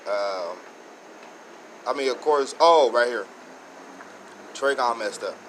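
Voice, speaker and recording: A man hosting his own channel, giving a rambling, excited casual review with many restarts and self-corrections. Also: mid-range voice, slow pace, a little hiss or hum, poor audio. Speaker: show host reviewing episodes.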